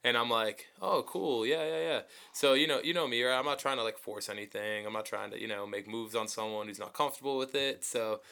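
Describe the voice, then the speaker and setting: A man's voice: mid-range voice, fairly quick, gravelly, few pauses, pushed and bright, clear, resonant tone. A young man chatting casually with friends in loose, profane slang. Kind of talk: casual chat among friends.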